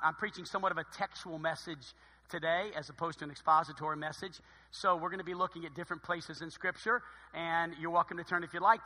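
A male pastor delivers a sermon in a high, strikingly bright voice. He keeps it lively and joking, playfully acting out sayings. The sound carries a long reverb from a large hall. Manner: lively, joking, acts out his mother's sayings.

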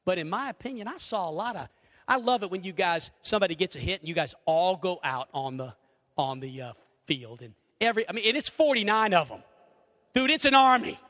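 A middle-aged man preaching a sermon, animated, acting out little conversations and swinging between loud and hushed. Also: high voice, fairly quick. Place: church sanctuary. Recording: reverberant hall.

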